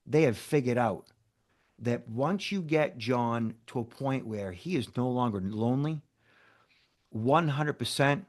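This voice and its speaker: A man, a cybersecurity expert guest in an interview, telling a story in an animated way, acting out dialogue and checking in with "okay?" and "right?". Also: mid-range voice, measured pace.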